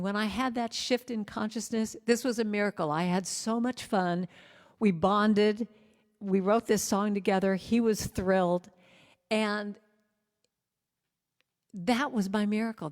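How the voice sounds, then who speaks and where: A woman's voice: mid-range voice, in a large hall. Chatty American woman telling a sermon story. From United States. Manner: chatty, self-deprecating, many restarts. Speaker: guest speaker and musician. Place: at home with a cat, speaking to a church online.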